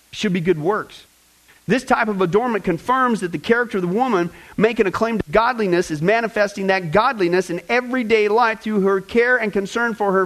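High-voiced joking male pastor. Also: low-quality recording. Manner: lively, joking, talks directly to the congregation. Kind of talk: sermon with fill-in-the-blank notes.

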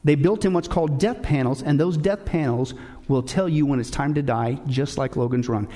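A man's voice: fairly high pitch, moderate pace, warm tone, in a large hall. A man hosting political commentary, urgent and indignant, addressing his audience directly. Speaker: host.

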